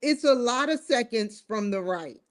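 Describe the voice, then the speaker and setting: This vlogger speaks straight to her viewers at a moderate pace, her slightly high voice full of expression. In a casual, musing monologue, she keeps asking them rhetorical questions.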